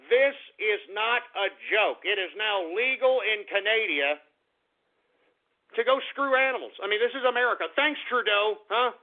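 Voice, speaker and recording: A man's voice: sits high, normal speed. A man hosting a talk radio show, delivering an angry, profane, sarcastic monologue and often repeating himself. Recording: tinny phone-like radio audio.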